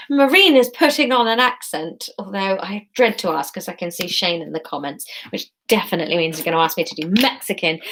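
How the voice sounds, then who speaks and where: A woman hosting a live audience-choice story, reading her own narration with quick self-mocking asides and casual swearing. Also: medium pitch.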